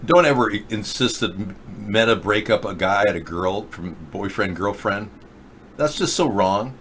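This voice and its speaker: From the US Pacific Northwest, a political talk show host runs a loose livestream chat, sarcastic and rambling as he mocks and berates the chatters. He sounds animated with a lowish voice at a moderate pace, fairly bright, over slight hiss or hum.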